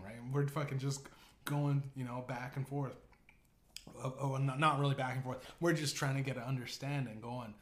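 A man's voice: mid-range voice, fairly even intonation, moderate pace, a bit bright. A man hosting a podcast, telling a comedic story in a crude, rambling, casual way full of fillers. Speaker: podcast host. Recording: roomy echo.

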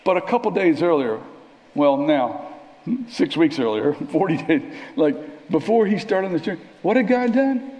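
A man preaching a sermon in a church, conversational and animated, sometimes dropping to a near whisper. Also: fairly high pitch, a little slow, muffled recording. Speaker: pastor. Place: church sanctuary. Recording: long reverb of a church hall.

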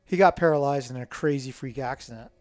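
A middle-aged man, a guest, telling stories in a casual, animated way and acting out the voices of people in them. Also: medium pitch, brisk, dry recording. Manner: animated, acts out quoted dialogue. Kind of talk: casual storytelling.

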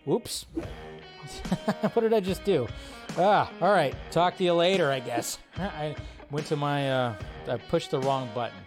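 A chatty man hosting a live movie stream, his voice pitched a little high. He rambles through his talk in a loose, casual way, with faint music playing behind him. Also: moderate pace. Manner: rambling, chatty, reads viewer comments aloud.

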